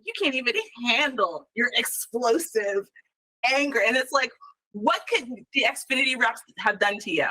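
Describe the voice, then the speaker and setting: A woman co-hosting a casual commentary show, chatting in an animated way full of rhetorical asides. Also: on the high side, normal speed, poor audio. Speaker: show co-host.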